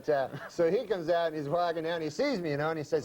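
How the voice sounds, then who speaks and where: A man in his thirties, a talk show guest, telling a comic story in a dry, halting way with many fillers. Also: fairly high pitch, darkish tone. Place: TV studio with audience.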